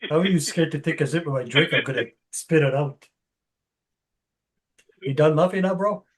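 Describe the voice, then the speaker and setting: A man's voice: on the high side, moderate pace. A man in a casual chat over a call, swearing and bantering bluntly.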